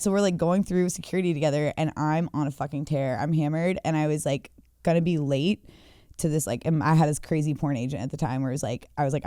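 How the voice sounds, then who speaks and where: A woman in her thirties spins a chaotic story in loose, animated talk, swearing freely and leaning on "like" between bursts of laughter. Her voice is smooth and clean, close to the mic in a dry room. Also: sits low, a little fast, dry recording. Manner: animated, swearing, many "like" fillers, laughing often. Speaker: guest, DJ. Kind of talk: casual storytelling chat.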